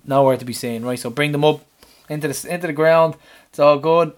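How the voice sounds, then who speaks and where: A man, co-hosting a podcast and animatedly retelling his week, swearing and shouting out the lines he quotes. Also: a little high, fairly even intonation, brisk. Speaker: podcast co-host. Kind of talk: casual storytelling chat.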